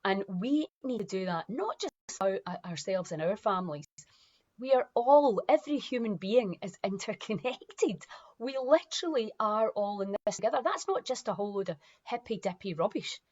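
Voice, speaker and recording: A woman's voice: mid-range voice, expressive, normal speed, a little mellow, muffled recording. A woman, founder of a wellness movement, talking emphatically and animatedly, sometimes acting out other people's voices. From Scotland. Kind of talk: impassioned motivational talk.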